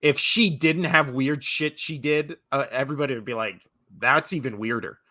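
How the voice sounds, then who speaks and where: A man's voice: a little high, moderate pace, pushed and bright. A man co-hosting a sports podcast in casual chat, blunt and swearing freely. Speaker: podcast co-host.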